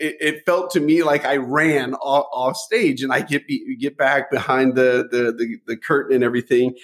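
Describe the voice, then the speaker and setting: A middle-aged man telling stories from his life as a podcast guest, animated, often repeating a word as he starts a thought. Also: mid-range voice. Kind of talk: storytelling interview.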